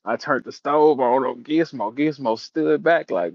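A man's voice: mid-range voice, unhurried, creaky, no room sound, highs cut off. A man hosting a battle rap audio room, telling stories and taunting a rival in a profane, casual rant. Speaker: battle rap show host.

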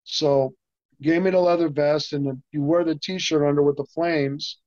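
A man's voice: fairly high pitch, fairly even intonation, normal speed, a little mellow, dry recording. Rambling older man telling a story. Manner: rambling, many restarts, acts out quoted dialogue. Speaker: interview guest, stuntman. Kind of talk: casual anecdotal storytelling. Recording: dull, dry sound.

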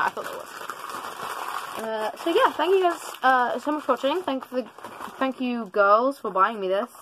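A woman's voice: medium pitch, a bit bright, a little hiss or hum. Teen girl vlogger, casual and rambling, self-correcting, joking asides, recorded in a bedroom. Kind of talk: casual gift-opening vlog. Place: parents' bedroom.

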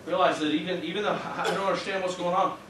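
A pastor in his thirties, with a high voice, steady tone and quick pace, preaches a sermon in a church sanctuary, sharing an earnest, heartfelt personal story and interjecting praise. The sound is echoey and distant, with a faint hum.

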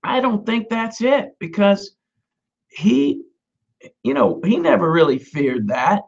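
Gravelly-voiced man preaching a sermon. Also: high voice, animated, slow pace, muffled recording. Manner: conversational preaching, emphatic repeated Hebrew words. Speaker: messianic rabbi preaching. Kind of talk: sermon teaching on scripture.

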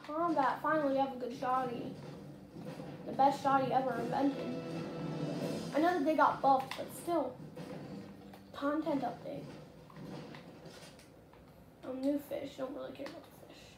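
A woman giving casual, rambling gameplay commentary, getting excitable and shouting at the game. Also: high-pitched, measured pace, pauses often, over music. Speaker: gaming channel host. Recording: roomy and noisy.

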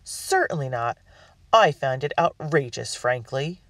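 A man's voice: mid-range voice, sing-song, measured pace, a bit bright, no echo. A man voicing a haughty, fussy older wealthy woman who complains indignantly, recorded dry from a distant mic. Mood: huffy.

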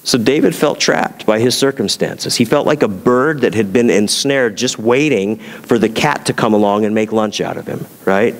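A man preaching a sermon in a conversational style, often turning to his listeners with questions. His voice sits low, and a long hall reverb trails behind each phrase. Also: moderate pace, few pauses. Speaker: pastor.

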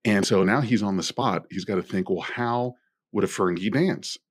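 A man co-hosting a podcast, talking thoughtfully in a halting casual way with frequent restarts. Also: fairly low pitch, husky. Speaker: podcast co-host.

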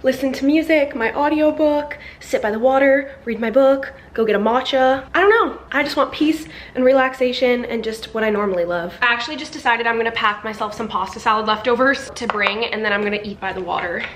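A woman's voice: a little high, a little fast, hardly any pauses, reverberant. A woman in her twenties, chatty and giggly, narrating a casual vlog in her home kitchen. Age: 20s. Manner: chatty, giggly, gets teary with excitement. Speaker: vlogger.

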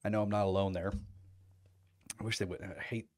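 A man with a low voice tells loose, rambling stories, swearing freely and leaning on fillers like "like" and "you know". He sounds close and dry, with no room echo at all. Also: little pitch movement, fairly quick, a little mellow. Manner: rambling, profane storytelling with fillers; mimics other people in quoted bits. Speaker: vlogger. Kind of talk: casual chat.

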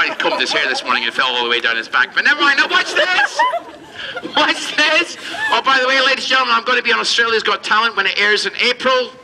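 A man's voice: a little high, noisy background. A man performing as a street magician, doing cheeky comedy patter and bantering with the crowd at an outdoor show.

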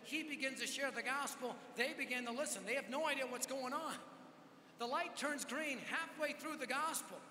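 A man preaching at a conference, telling a story with energetic, dramatic swings from loud to hushed. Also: very high voice, moderate pace, a little hiss or hum. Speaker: conference speaker. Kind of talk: storytelling sermon. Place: large hall. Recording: echoey hall with long reverb.

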